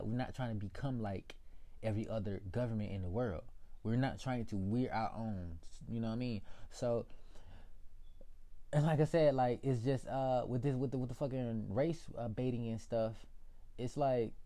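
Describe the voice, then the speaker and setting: A man's voice: medium pitch, fairly even intonation, normal speed, mellow. A young man ranting casually to his viewers, profane and rambling, calling them y'all. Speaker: political vlogger.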